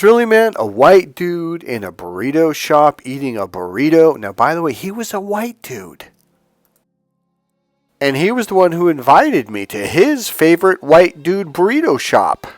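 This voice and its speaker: A man who coaches on dating and healing, giving an animated, preachy motivational talk and retelling a story. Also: fairly high pitch, dry recording. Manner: animated, acts out other people's lines in the story; preachy, emphatic. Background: faint music.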